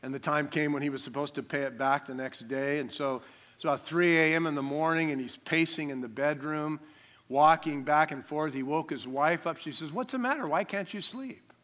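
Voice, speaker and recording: Male pastor preaching, bright sharp voice, a bit high, repeats stuff for emphasis. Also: flat delivery, moderate pace. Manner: emphatic, repeats key lines, call-and-response. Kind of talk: sermon.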